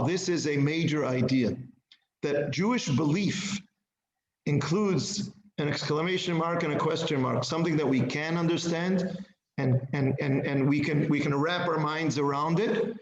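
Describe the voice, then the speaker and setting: A man teaching a religious text class, slow and deliberate, leaning on key words and asking the class questions. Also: a little high, reverberant, highs cut off, a little hiss or hum. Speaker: Torah teacher.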